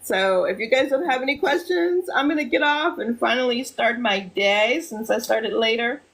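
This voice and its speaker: A woman teaching casually as a spiritual coach on a live stream, chatty with frequent fillers, softly reciting mantras. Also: a little high, moderate pace.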